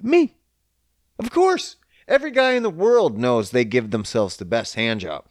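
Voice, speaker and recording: Rambling foul-mouthed man, lively pitch. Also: moderate pace, dry recording, clean studio sound. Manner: crude, rambling, profane; laid-back, smoking while talking. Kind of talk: casual monologue.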